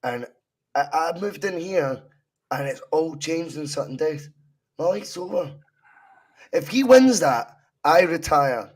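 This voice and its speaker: A man's voice: fairly high pitch, animated, a little slow, long pauses, husky. A Scottish man co-hosting a football podcast, mock-despairing and swearing in casual chat. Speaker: podcast co-host.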